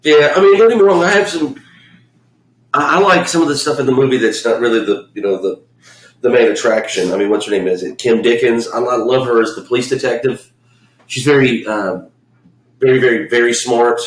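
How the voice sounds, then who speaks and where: A man's voice: mid-range voice, a little fast, echoey room, rough recording. A man from Memphis, co-hosting a podcast and ranting about a film in blunt, profane, rambling talk. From Memphis, US South. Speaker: podcast co-host. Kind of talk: casual profane film chat.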